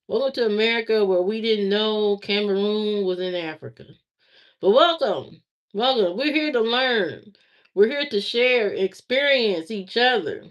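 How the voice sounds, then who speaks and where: Southern-accented woman, livestream host, slow and rambling, muffled stream audio. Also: medium pitch, lively intonation. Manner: rambling, chatty, greets viewers by name. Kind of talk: casual livestream chat. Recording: slightly dull lo-fi stream audio.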